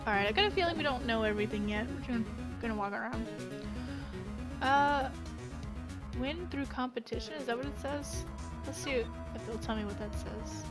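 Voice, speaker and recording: A woman with a high voice chats to her stream while playing a game, reading and muttering asides. Game music plays clearly behind her. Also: normal speed, pauses often. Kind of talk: let's play commentary.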